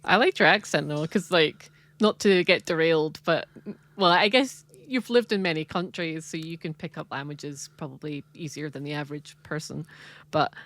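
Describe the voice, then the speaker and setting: A woman's voice: low-pitched, moderate pace, fairly bright tone. A woman co-hosting a podcast, chatting casually and laughing often, with many restarts. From Britain. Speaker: podcast co-host. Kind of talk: casual chat.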